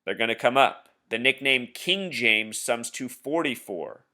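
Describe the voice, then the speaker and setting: Guy walking you through his screen, insistent and conspiratorial, bright edgy voice. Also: mid-range voice, expressive, measured pace. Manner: addresses viewer as "Truth Seeker". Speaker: video blogger. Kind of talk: casual screen-share commentary.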